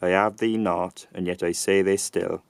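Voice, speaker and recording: A man reciting a brooding Shakespearean soliloquy in a reconstructed early 1600s Southern English accent, slowly and deliberately. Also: low-pitched, fairly even intonation, vocal fry, no echo. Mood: haunted. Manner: slow, deliberate dramatic recitation. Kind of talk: dramatic verse reading.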